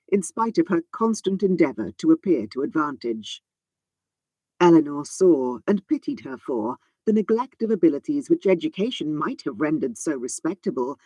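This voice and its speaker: A woman audiobook narrator giving a measured, unhurried reading of a classic novel, phrasing long sentences precisely. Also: fairly low pitch, warm tone, breathy edge, no room sound.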